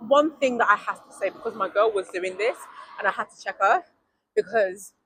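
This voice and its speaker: A young adult woman, giving an emphatic, animated motivational vlog outdoors while out walking, laughing often. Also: fairly high pitch, slightly rough, no echo, rough recording. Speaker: vlogger. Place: outdoors on a walk. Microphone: mic worn while walking.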